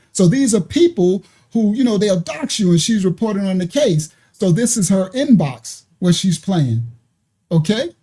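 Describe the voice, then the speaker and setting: A man with a mellow, warm voice talks through clips in a preachy, conversational way. He keeps stopping to ask whether his listeners understand, and he drifts into asides. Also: high-pitched. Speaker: online ministry commentator. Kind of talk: commentary reacting to played clips.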